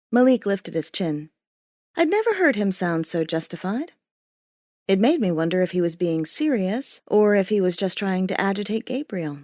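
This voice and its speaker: A woman narrating a first-person audiobook in a wry, expressive storytelling manner. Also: mid-range voice, moderate pace, no room sound, clean studio sound.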